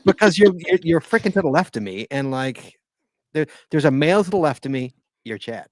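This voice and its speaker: A playful man hosting a live podcast, his voice bouncing up and down as he jokes with the co-hosts. His pitch sits in the middle and rises and falls freely. The sound is close and dry. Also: brisk, no echo. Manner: playful, teasing, lively. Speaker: podcast host. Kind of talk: casual live podcast chat.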